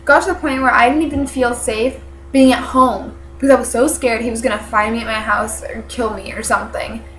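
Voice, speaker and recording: A woman's voice: a little high, fairly even intonation, a bit bright. Congested teen girl in an echoey room. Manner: halting, full of "like" fillers, earnest. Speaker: vlogger. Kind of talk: personal storytelling to camera.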